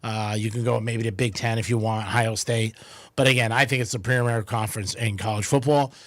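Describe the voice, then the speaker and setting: A man's voice: fairly low pitch, steady tone, brisk, a bit bright, no room sound. A man hosting a radio talk show, chatting loosely with many fillers and frequent laughs, then talking sports.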